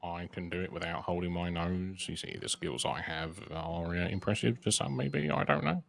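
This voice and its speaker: A man's voice: low-pitched, normal speed, gravelly, a bit bright. A man in game voice chat voicing a pompous fellow with a silly nasal voice. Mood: smug. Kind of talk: roleplay banter in a game voice chat.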